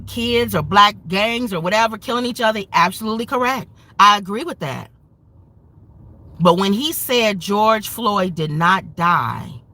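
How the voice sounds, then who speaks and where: A woman's voice: medium pitch, bright, forceful tone. A woman hosting a commentary show, speaking in an impassioned, angry, emphatic rant. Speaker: show host.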